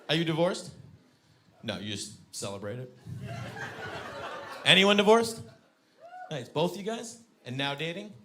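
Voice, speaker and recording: A man's voice: fairly high pitch, lively intonation, measured pace, pauses often, bright, forceful tone. A man doing a stand-up comedy set, chatting with the audience and acting out scenes with exaggerated lines. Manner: banters with the audience.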